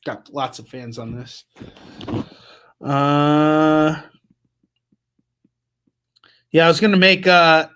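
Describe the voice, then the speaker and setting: Animated, jokey male comic-shop host. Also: a little high, slow, echoey room. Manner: animated and jokey, shouting silly sound effects. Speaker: host of a live comic shopping show. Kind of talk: live sales pitch, casual chat.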